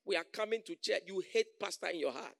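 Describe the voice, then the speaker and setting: Male pastor, high gravelly voice, preaching in call-and-response, dry close recording. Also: quick pace, dry recording. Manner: call-and-response, acts out quoted voices, swings loud and soft. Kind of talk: sermon.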